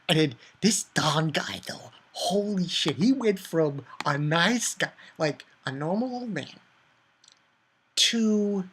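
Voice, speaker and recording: A man giving a casual manga chapter review, excitable and profane, rambling with many fillers. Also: on the high side, measured pace, slightly rough.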